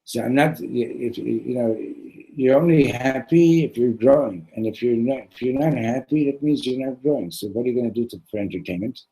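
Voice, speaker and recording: A man, a rabbi, giving a casual sermon with a joke, talking in a halting way with many repeated words and conversational asides. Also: mid-range voice, mellow, slightly rough, poor audio. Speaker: rabbi teaching a class.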